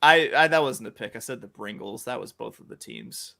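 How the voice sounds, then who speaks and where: A man's voice: mid-range voice, brisk, creaky, sharp tone. A man co-hosting a podcast, making football picks in casual, jokey chat and swearing now and then. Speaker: podcast co-host.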